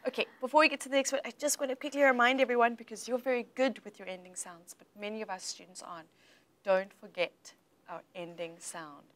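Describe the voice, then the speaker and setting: A woman coaching English pronunciation in a livestream chat, playful and teacherly, modelling words slowly and repeating them. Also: fairly high pitch, fairly even intonation, fairly bright tone.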